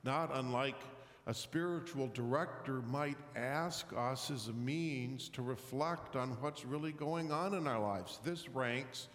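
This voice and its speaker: A man's voice: mid-range voice, unhurried, fairly bright tone. A man preaching a sermon, reflective and questioning, with a touch of humor. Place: large echoey church. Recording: roomy hall reverb, somewhat distant.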